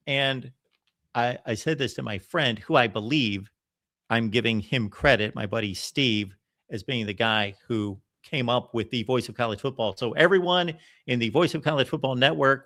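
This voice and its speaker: A man hosting a college football channel, talking in a casual, emphatic live-stream monologue and acting out what others said. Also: mid-range voice. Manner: animated, emphatic, quotes others in voices.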